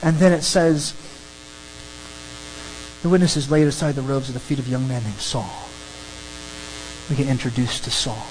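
A preacher giving an animated, emphatic sermon that works through a scripture passage. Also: mid-range voice, moderate pace, long pauses, slight background noise, low-quality recording. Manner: animated, emphatic, acts out crowd scenes.

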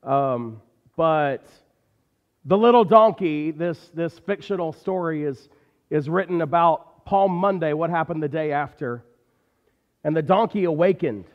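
A man delivers a sermon with an emphatic, repeating cadence. His voice sits a little high for a man. The long hall reverb and the dull, muffled sound make it feel like a church recording. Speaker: preacher.

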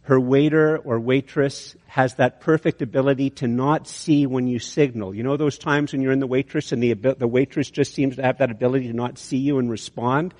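A man's voice: medium pitch, fairly even intonation, a little fast, hardly any pauses, darkish tone. A man preaching a sermon, telling an illustration story with many restarts. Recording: long hall reverb.

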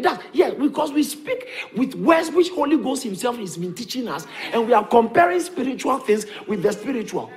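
Male pastor, high and very lively voice, repetitive sermon delivery with chuckles. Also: a little fast, hardly any pauses. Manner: animated, repetitive preaching, chuckles between points.

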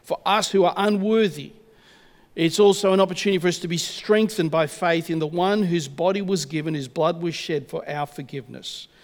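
A man preaching a sermon and leading a communion prayer, earnest and measured, slowing down to stress key words. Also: a little high. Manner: earnest, measured, slows for emphasis. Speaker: pastor. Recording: long reverb of a church hall.

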